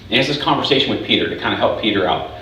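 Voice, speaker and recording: Pastor guy preaching, lowish voice, super echoey church hall, mic kinda far off. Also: animated, racing, bright, forceful tone. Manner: conversational, frequent restarts and "right?" asides. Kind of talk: casual sermon. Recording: very echoey hall, voice from afar, faint hiss.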